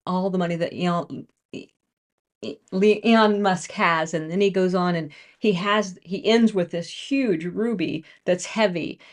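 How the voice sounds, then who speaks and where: A woman telling a personal faith testimony to her own camera, emotional and storytelling, growing excited as she goes. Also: fairly low pitch. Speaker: Christian speaker sharing a testimony.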